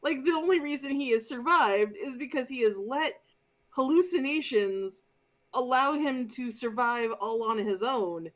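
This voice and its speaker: Animated, profane woman podcast host. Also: high-pitched, a little slow. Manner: animated, profane, exasperated storytelling. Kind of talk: casual movie review chat.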